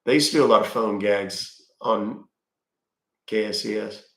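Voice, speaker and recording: Man, gravelly low voice, roomy echo, casual livestream chat with viewers. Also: unhurried, fairly bright tone. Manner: chatty, answers viewer questions with fillers. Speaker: livestream host reading chat.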